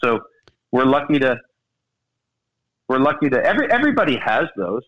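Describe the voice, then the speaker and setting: A man's voice: medium pitch, big pitch swings, moderate pace, dull audio. A man co-hosting a sports radio show, telling rambling anecdotes in casual chat.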